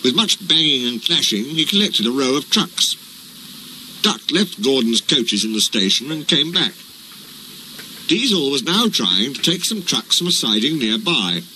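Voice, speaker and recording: A man reading a children's train story aloud in an even, unhurried manner. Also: medium pitch, a little hiss or hum, poor audio.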